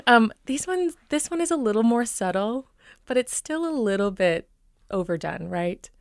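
A woman's voice: fairly high pitch, expressive, moderate pace, dry recording, studio quality. A woman with a Minnesota accent, a dialect coach, explaining accents in an enthusiastic radio conversation, with frequent ums. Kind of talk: expert guest in radio talk.

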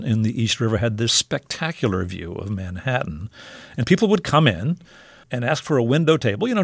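A man of middle pitch hosts a radio interview and asks friendly, curious questions in a conversational way. His voice is dry and close to a studio mic. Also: no echo.

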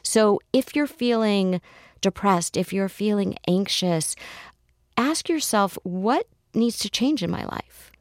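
A middle-aged woman therapist telling stories in a casual interview, animated and laughing as she acts out quotes. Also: mid-range voice, takes it slowly, dry recording. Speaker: guest, therapist.

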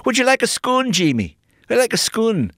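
A man's voice: very high-pitched, huge pitch swings, a little fast, a bit bright, no room sound, studio quality, pitched above the performer's own voice, full character voice. A man voicing his stingy older aunt, fussy and thrifty, in a raised put-on voice. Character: stingy older Scottish aunt offering stale treats.

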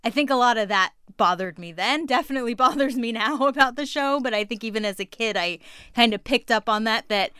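A woman's voice: fairly high pitch, a little fast, bright, forceful tone, clean tone, no room sound, clean studio sound. A woman from California speaking as a guest on a panel, chatty and frank, often laughing as she talks. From Orange County, California. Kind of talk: casual panel discussion.

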